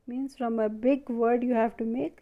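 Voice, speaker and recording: A woman's voice: a little high, steady tone, phone-quality sound. A woman teaching a primary school lesson, asking questions and answering them herself. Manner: slow, asks and answers her own questions. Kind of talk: classroom lesson video.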